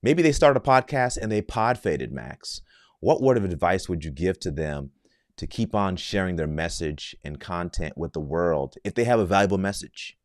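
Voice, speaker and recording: A man's voice: low voice, lively intonation, normal speed, no echo, clean studio sound. A man hosting a podcast interview, encouraging and affirming as he asks questions. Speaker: podcast host.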